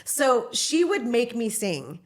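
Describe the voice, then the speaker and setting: A middle-aged woman telling rambling, animated anecdotes as a guest in a casual interview. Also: medium pitch, normal speed. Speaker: guest, talent manager.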